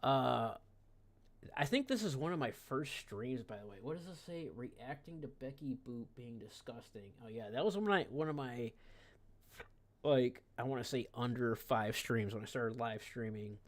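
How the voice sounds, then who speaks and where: A man's voice: mid-range voice, expressive, normal speed. A man live streaming, giving casual reaction commentary in a mocking, profane, rambling way.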